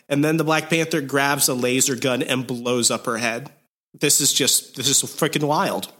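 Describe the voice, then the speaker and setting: A man with a bright, forceful voice, giving a casual recap of a comic story. He rambles and tells the story in an animated way. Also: medium pitch, moderate pace. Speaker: podcast host.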